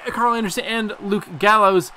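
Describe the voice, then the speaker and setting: A young man giving excitable play-by-play commentary on a video game wrestling match, casually swearing. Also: sits high, normal speed, slight background noise. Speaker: gameplay commentator.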